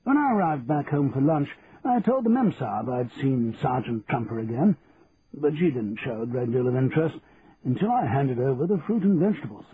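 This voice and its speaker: A man narrating in first person as a reflective, measured retired army colonel, over a tinny line with faint hiss. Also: mid-range voice, expressive, lightly acted. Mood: musing.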